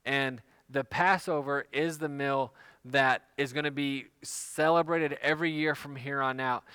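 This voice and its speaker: A man's voice: mid-range voice, steady tone, a little slow, pushed and bright, clear, resonant tone, dry recording. A man preaching a sermon, retelling a scripture story in casual, everyday speech. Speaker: pastor.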